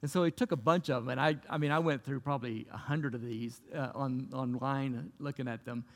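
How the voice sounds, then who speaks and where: A man's voice: mid-range voice, fairly even intonation, fairly quick, in a large hall. A man preaching a sermon as a pastor, earnest and conversational, with repeated phrases.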